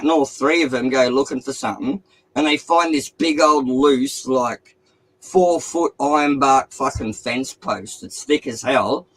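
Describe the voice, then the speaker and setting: A man's voice: mid-range voice, unhurried, low-quality recording. A man, a streamer telling a long crude joke in casual chat, swearing constantly and rambling. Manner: profane, rambling storyteller.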